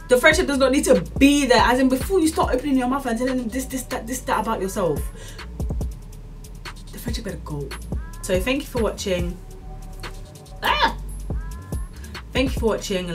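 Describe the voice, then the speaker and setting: Speaking a little high and from a distance to the mic, this young vlogger talks to camera in a loose, ranting way. Her delivery wanders and circles back, packed with "like" and "as in," as she urges viewers on with sincere, sermonizing encouragement.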